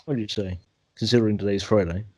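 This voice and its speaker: A man's voice: fairly low pitch, fairly even intonation, fast talker, warm tone, dry recording. A young man hosting a casual podcast, chatting loosely with a friend, laughing and swearing often. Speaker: podcast host. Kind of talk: casual chat.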